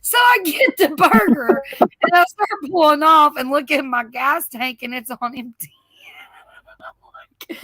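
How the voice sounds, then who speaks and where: A woman telling a long story in a casual chat, animated, laughing and swearing, with lots of "like" fillers. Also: high-pitched, measured pace, long pauses, no echo.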